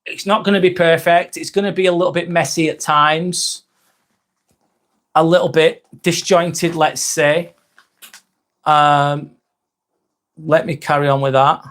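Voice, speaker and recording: A middle-aged Englishman chats candidly on a live stream, rambling and reading viewer comments aloud. His voice is a little high and fairly bright, with fairly even intonation, a measured pace and long pauses.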